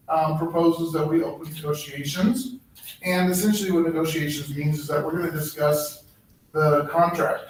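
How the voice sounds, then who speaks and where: Man presenting in an echoey meeting room. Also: a little high. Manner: halting, many ums and restarts. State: slightly losing his voice. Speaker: human resources director. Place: public board meeting room. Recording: echoey room, distant mic, faint noise.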